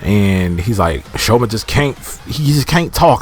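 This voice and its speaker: A man's voice: fairly low pitch, expressive, unhurried, soft background music. A man casually recapping a TV episode in a rambling, slangy way, often restarting his sentences. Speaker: TV episode reviewer.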